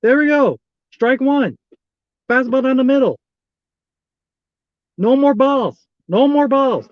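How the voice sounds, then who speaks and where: High-pitched male fan streamer, dry dull lo-fi sound, keeps repeating himself in exasperation. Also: slow pace, no room sound. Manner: exasperated, repeats the same pleas over and over. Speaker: fan streaming a live baseball watch-along. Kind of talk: live fan commentary.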